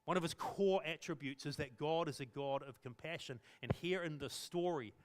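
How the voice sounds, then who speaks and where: A man's voice: a little high, moderate pace, a little hiss or hum. A male pastor preaching in church, telling the story animatedly and acting out the scenes. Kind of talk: sermon.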